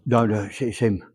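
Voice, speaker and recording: A man's voice: lowish voice, slightly rough. A man working as a medium, relaying spirit messages to a congregation in a chatty, conversational way and often quoting the messages aloud.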